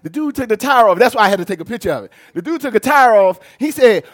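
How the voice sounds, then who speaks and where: A male pastor preaching a sermon in a church, telling a personal story with lively, rising delivery and shouts. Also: high-pitched, fast. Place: church sanctuary.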